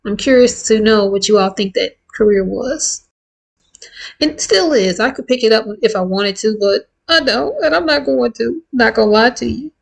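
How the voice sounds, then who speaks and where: A woman in her fifties talking candidly and warmly to her viewers in a casual, heartfelt vlog. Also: a little high, lively intonation, normal speed, creaky, rough recording. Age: 50s. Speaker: vlogger. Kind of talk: casual chat to camera.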